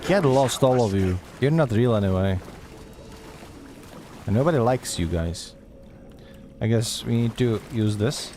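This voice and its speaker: A man's voice: mid-range voice, animated, unhurried, pauses often, noisy background. A man streaming a horror game, chatty and sarcastic, talking back at the game as he plays. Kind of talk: gameplay commentary.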